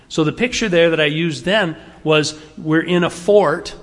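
A male pastor delivers a sermon in a relaxed, conversational manner, pressing hard on key words. His voice sits a touch higher than most men's. The sound carries a long, lingering reverb, as from a church sanctuary. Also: brisk. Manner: conversational, emphatic, varying pace and volume.

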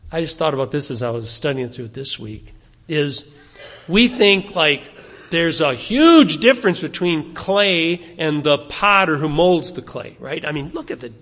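A male pastor delivering a sermon with a slightly higher-than-usual voice, warm and conversational yet earnest. He keeps firing rhetorical questions at his listeners and doubles back on phrases for emphasis. His voice carries a long reverb from a church hall. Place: church sanctuary.

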